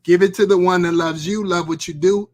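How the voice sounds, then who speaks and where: A man's voice: high-pitched, fairly even intonation, fairly quick, darkish tone. A male host and pastor, exhorting his live-stream audience with fervent repetition. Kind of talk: live-stream sermon talk.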